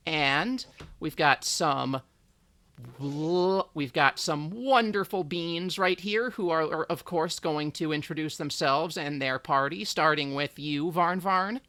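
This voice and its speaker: A game master running a tabletop game on a live stream, relaxed and halting, with many fillers. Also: medium pitch, dry recording.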